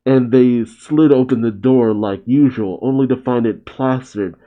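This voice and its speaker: A man reading the lines of a playful, excitable young female ninja who loves pranks, in an anime reaction video. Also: medium pitch, measured pace, highs cut off, close to an everyday voice. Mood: scheming. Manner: excitable, bouncy.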